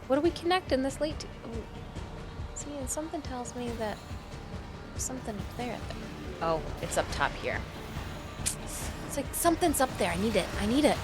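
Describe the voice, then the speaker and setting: A woman's voice: on the high side, very animated, fairly quick, long pauses, music in the background. Bubbly woman live-streaming a game. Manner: bubbly, apologetic, chatty with laughs. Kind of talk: casual live-stream chat.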